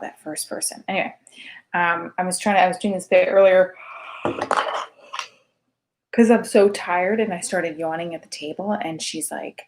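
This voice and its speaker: A woman's voice: fairly low pitch, slight background noise. A woman in her thirties hosting a casual late-night livestream show, chatty and self-deprecating and sounding tired. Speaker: show host.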